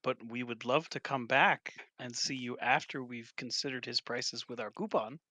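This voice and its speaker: Brief: male player, bright and dry-sounding, playful mock-formal banter on a call. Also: medium pitch, steady tone, normal speed, no echo. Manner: wry, mock-formal joking. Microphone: online voice call.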